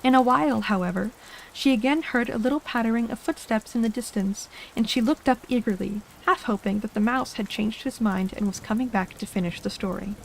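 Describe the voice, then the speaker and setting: A woman reads a storybook aloud in a soft, gentle ASMR style, her voice sitting a little high and unhurried. A faint hiss of rain runs underneath the narration. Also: creaky, rough recording. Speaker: ASMR reader.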